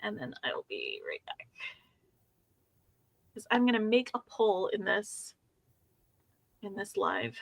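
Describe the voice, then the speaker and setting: A woman's voice: medium pitch, huge pitch swings, slow, vocal fry, long pauses. A woman co-hosting a crafting livestream, welcoming viewers in upbeat, casual chat and thinking aloud with fillers. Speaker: co-host of a beading livestream.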